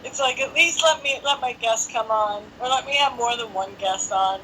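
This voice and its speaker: A woman's voice: a little high, moderate pace, a bit bright, a little hiss or hum, poor audio. A woman hosting a casual live stream from her apartment on a phone. She chats and jokes to herself while she waits for guests. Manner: chatty, joking, talks to herself while waiting. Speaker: host. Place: home apartment.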